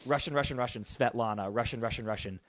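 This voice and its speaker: An excitable man co-hosting a casual podcast, who calls his friend dude and drops his voice low and soft whenever he quotes a character. He speaks at an average pitch, and the sound is dry and close-miked. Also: quick pace, no echo. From Canada. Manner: excitable, quotes dialogue in lowered voice, says dude. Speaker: podcast co-host. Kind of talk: casual chat.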